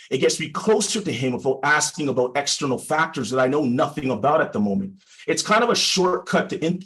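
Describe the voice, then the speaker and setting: A man, a personal injury lawyer, giving a prepared presentation to other lawyers in a measured, deliberate way with emphatic pauses and an instructive tone. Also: mid-range voice, a bit bright, poor audio. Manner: explanatory, instructive tone. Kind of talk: prepared presentation for a legal audience.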